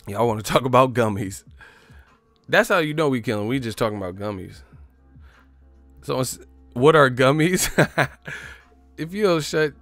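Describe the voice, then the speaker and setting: A man's voice: fairly low pitch, vocal fry, fairly bright tone, no room sound. A man hosting a boxing livestream, cursing, joking and laughing often in casual banter.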